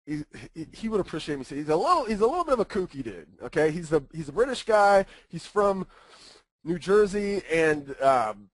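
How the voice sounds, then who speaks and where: Chatty man presenting a webinar, higher voice. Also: sing-song, brisk, dry recording, poor audio. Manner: conversational, often checks in with "right?" and "okay?".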